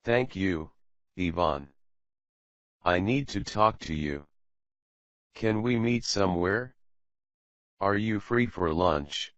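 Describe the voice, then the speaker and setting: A man's voice: deep voice, lively intonation, slow pace, pauses often, no room sound, muffled recording. A man reading the part of an anxious young woman on the run, in a guarded, urgent way.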